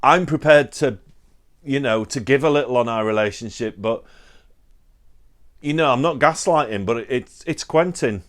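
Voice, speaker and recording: A man's voice: mid-range voice, moderate pace, long pauses, fairly bright tone. A man from Britain chatting casually to camera as a book vlogger, rambling and self-deprecating, often restarting his sentences.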